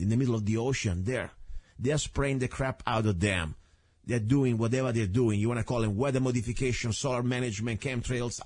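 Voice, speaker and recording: Italian-accented man, talk radio host, animated and rambling, dry close sound. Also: medium pitch, no room sound. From Italy. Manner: animated, rambling, non-native phrasing. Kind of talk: talk radio monologue and interview.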